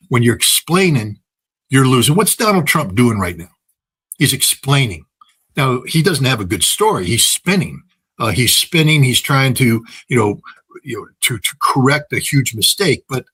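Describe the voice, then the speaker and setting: A man with a slightly husky voice delivers political commentary without a script. He hammers his points home by repeating phrases, and leans on everyday examples between his ums and uhs. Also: medium pitch, fairly bright tone. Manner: emphatic, repeats phrases for effect, frequent filler words; folksy, uses everyday examples and laughs at his own points. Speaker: political commentator, interview guest.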